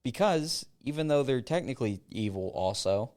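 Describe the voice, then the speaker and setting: A man's voice: medium pitch, animated, darkish tone. A young man hosting a casual podcast, reading passages aloud and joking between them. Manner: reads passages aloud with quick asides and laughs. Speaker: podcast host.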